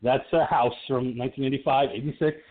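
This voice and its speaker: A man's voice: mid-range voice, fairly even intonation, fast talker. A man hosting a podcast, chatting casually about horror films and laughing often. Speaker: podcast host. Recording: phone-like call audio.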